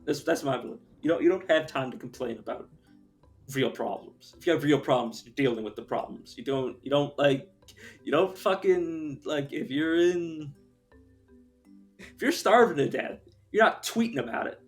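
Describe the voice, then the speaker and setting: A man's voice: a little high, animated, normal speed, faint music behind. A young man chatting casually on a live stream, rambling through his opinions, swearing and laughing often.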